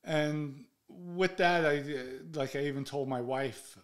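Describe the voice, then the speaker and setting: A man's voice: on the high side, slow pace. A middle-aged man, a podcast host telling a personal story in a blunt, heated way and swearing freely.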